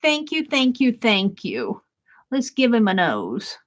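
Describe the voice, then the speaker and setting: A woman art vlogger talks her way through a painting session, gushing and laughing between brushstrokes. Her voice sits fairly high and she speaks slowly and unhurriedly, warm and chatty. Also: big pitch swings.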